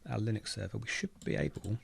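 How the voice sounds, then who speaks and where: A man's voice: fairly low pitch, fast, creaky, breathy edge. A man casually talking through a technical walkthrough on his computer, thinking aloud as he works. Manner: relaxed, thinking aloud while typing. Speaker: automation engineer teaching a tech tutorial. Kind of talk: casual screen-recorded walkthrough.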